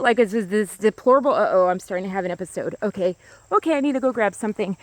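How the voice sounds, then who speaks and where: A woman's voice: fairly high pitch, lively intonation, fast talker, dry recording. A woman talking to a small camera outdoors on a grassy hill, in a rambling casual monologue full of "like" and restarts. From United States. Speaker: vlogger.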